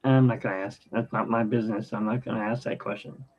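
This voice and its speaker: A man in his fifties hosting a podcast, rambling through anecdotes in a casual, halting way with many fillers. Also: lowish voice, fairly even intonation. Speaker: podcast host. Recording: dull lo-fi sound.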